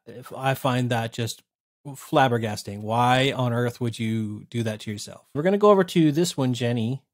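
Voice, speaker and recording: A man in his thirties casually reviewing software, blunt and sarcastic, swearing freely. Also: medium pitch. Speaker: tech reviewer. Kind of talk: casual screen-recorded review.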